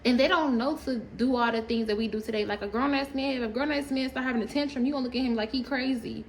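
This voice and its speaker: A woman ranting casually to camera, animated and profane, rambling with laughs along the way. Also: on the high side, fast talker, a little hiss or hum, rough recording. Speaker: storytime creator.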